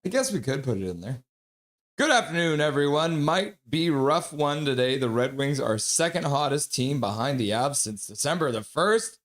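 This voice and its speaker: A middle-aged man hosts a casual hockey pregame stream. He chats with an upbeat, friendly manner as he greets viewers one by one. His voice sits a little higher than most men's. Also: big pitch swings, moderate pace, fairly bright tone. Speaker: livestream host reading chat.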